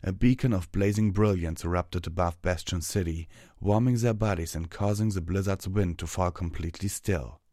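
A man reading a fantasy story aloud as narrator, steady and measured. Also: low-pitched, dry recording, studio quality.

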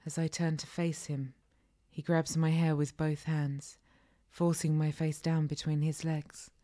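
Low, slow, breathy woman storyteller. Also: level tone, dark tone. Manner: slow, breathy, often half-whispered. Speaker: narrator. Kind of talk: intimate first-person erotic audio story.

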